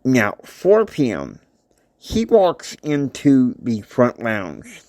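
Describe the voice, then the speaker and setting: A man's voice: mid-range voice, huge pitch swings, very slow, a little mellow, no room sound. A man hosting a podcast, retelling a family drama story in a loose, rambling way with restarts and asides. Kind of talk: casual story retelling with acted quotes.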